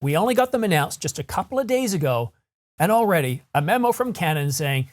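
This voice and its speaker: A man's voice: fairly high pitch, very animated, fairly quick. A man hosting a camera news channel, ranting in a frustrated, rambling way and correcting himself as he talks. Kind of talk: solo vlog rant.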